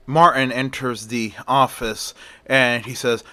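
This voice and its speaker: A man narrating a story in a loose, chatty way. His voice is bright and forceful, and the sound is dry and close. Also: mid-range voice, slow, no room sound. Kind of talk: casual story retelling.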